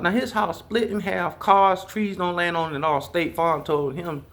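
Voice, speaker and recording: A man's voice: high-pitched, moderate pace. A man from Georgia, talking straight to his viewers in a blunt, profane, rambling monologue. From Southeast Georgia, US. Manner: profane, blunt, animated storytelling. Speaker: vlogger.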